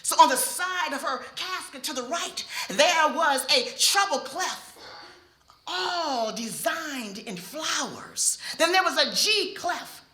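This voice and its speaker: A middle-aged woman telling a personal story on stage before an audience, expressive and speaking straight to the listeners. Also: high voice, takes it slowly. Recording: echoey hall.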